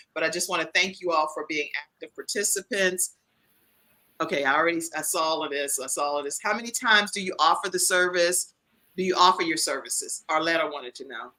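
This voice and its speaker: A woman with a bright, lowish voice hosts a live online talk show. She chats casually and reads viewers' comments aloud in a lively way. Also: rough recording. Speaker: show host. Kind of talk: casual live-stream chat.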